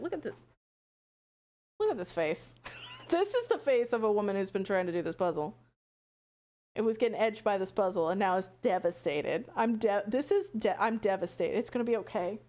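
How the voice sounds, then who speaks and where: A young woman streamer chatting casually with viewers while playing a puzzle game, swearing and laughing often. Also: medium pitch. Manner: chatty, swears, laughs a lot, shrieks when panicking. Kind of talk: casual live-stream commentary.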